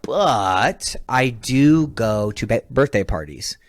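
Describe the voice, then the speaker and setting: A comedian from California, also a baseball mascot performer, tells animated stories as a guest in a casual podcast chat. He speaks slowly with lively intonation, laughs often, and acts out quoted people with sudden jumps to a high voice. The studio sound is clean, with no echo.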